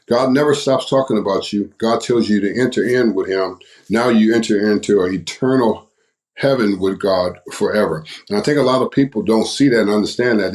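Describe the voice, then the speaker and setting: Deep-voiced preacherly older man. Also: a little mellow. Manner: preacherly, repetitive and emphatic. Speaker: guest. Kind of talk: testimony in a podcast interview.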